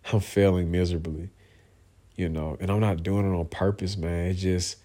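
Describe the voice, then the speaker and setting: A man speaking to his viewers in an emotional, heartfelt monologue, earnest and halting, often repeating himself and filling pauses with "you know" and "man". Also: low voice, little pitch movement, dark tone. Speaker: vlogger, father speaking to viewers.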